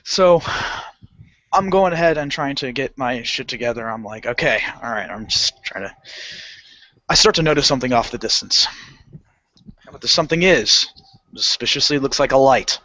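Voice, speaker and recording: A man's voice: mid-range voice, normal speed, long pauses, dry recording. A man telling a story on a casual podcast, laughing, swearing and acting out the people in it. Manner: animated, swearing, laughing often, acting out voices. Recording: lo-fi dull podcast audio.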